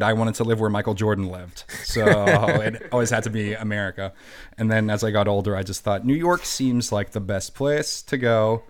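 A young man from Germany, a guest comedian, chatting easygoing and laid-back over a video call, saying "like" a lot. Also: on the low side. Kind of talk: casual interview chat.

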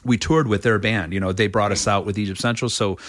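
Bright-voiced man telling rambling stories. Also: fairly even intonation, fairly quick. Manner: rambling, many restarts, acts out quotes in a much higher voice. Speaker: rock singer being interviewed. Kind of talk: animated casual interview storytelling.

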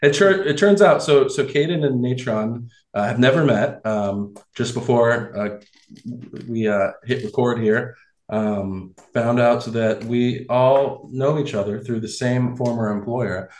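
A man hosting a casual sports podcast, animated and quick to laugh, with frequent restarts. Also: mid-range voice. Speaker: podcast host. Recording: roomy echo.

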